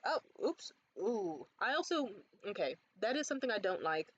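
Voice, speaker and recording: A young woman in casual vlog chat about a beauty haul, animated and swearing freely, jumping up high when quoting others. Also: moderate pace, slightly rough, lo-fi sound. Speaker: beauty vlogger. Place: bedroom.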